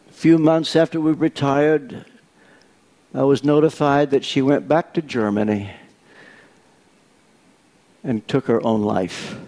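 A man's voice: mid-range voice, steady tone, darkish tone. An older man preaching a sermon, telling stories with dry humor. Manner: unhurried storytelling with dry humor.

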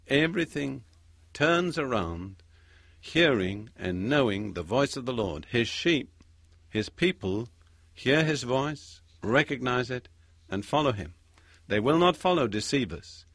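Measured, emphatic male preacher, dry sound. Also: mid-range voice, a bit bright, dry recording. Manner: measured, emphatic scripture reading. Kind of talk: sermon.

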